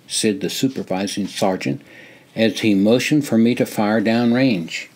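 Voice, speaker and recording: An older man narrating his own memoir in a measured, plain storytelling voice. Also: mid-range voice, darkish tone. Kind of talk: reading a personal memoir.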